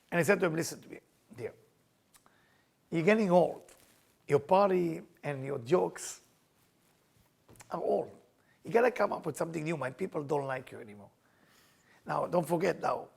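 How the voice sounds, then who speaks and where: Gravelly high-voiced storytelling teacher. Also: male voice. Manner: animated storyteller, acting out characters' lines, non-native grammar. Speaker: Kabbalah teacher. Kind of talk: storytelling sermon.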